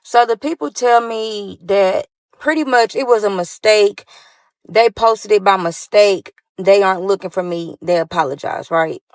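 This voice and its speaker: A woman's voice: medium pitch, measured pace, no room sound. A young woman recounting her own story time, talking animatedly and addressing listeners as y'all.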